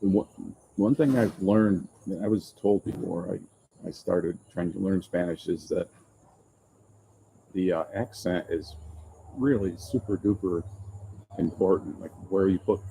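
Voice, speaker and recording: A man hosting a casual live chat for his channel, rambling and self-deprecating, with halting restarts. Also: sits low, vocal fry, mellow, a little hiss or hum, low-quality recording. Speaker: YouTube channel host. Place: open-air restaurant overlooking the ocean.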